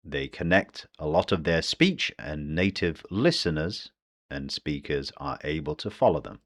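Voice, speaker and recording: A British man with a notably low voice gives an English pronunciation lesson. He says each example phrase slowly and deliberately, then repeats it to show how it is linked in real speech. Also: a bit bright. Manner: slow, deliberate modelling of phrases. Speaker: English teacher.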